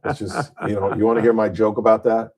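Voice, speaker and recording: A man hosts a casual radio talk show in a slightly husky voice. He tells stories with plenty of energy, and his pitch leaps upward whenever he gets excited. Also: fast talker. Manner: animated storyteller, voice jumps high on punchlines.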